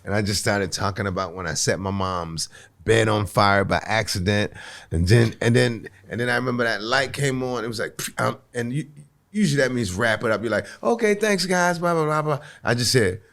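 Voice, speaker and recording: A man, a comedian guest on a podcast, telling a long anecdote in an animated way, repeating words as he restarts and acting out other people's voices. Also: on the low side, fairly quick, vocal fry. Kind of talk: storytelling anecdote. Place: podcast recording.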